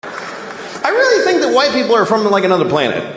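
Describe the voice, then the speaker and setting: A man doing stand-up with a high, lively voice that shouts on the punchlines. It rings through a large hall with long reverb and steady noise. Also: a little fast, some chatter behind. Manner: rambling, shouts punchlines, plays both sides of dialogues. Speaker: stand-up comedian. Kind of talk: stand-up routine. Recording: big echoing hall with noise.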